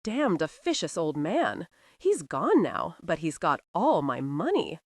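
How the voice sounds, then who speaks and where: A woman voicing a petulant, aggrieved young gentleman who rants in a whining, indignant way in an audiobook. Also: fairly low pitch, big pitch swings, unhurried, no echo, clean studio sound.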